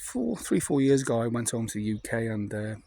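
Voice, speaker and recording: A North Welsh man in his late fifties tells stories in a loose, meandering way, full of ums and asides. His voice sits at an ordinary middle pitch. The recording carries a clear layer of noise with birdsong behind him. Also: big pitch swings, fairly quick, dark tone. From North Wales. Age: 50s. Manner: rambling, chatty, full of fillers. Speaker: vlogger. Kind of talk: casual anecdotal monologue.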